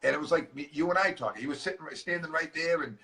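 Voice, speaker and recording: A middle-aged man tells his story at a quick clip, with a bright, forceful voice that brings each exchange of dialogue to life. He is a little off-mic, so the sound carries some distance. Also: on the high side, a little hiss or hum. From Massachusetts. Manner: animated storyteller acting out dialogue. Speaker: guest speaker, transformational coach. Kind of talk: storytelling interview chat.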